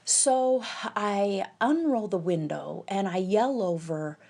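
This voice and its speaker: A woman telling a tense personal story, halting and quoting the people she met. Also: mid-range voice, animated, gravelly, mellow. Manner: tense, halting retelling with quoted dialogue. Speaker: podcast storyteller.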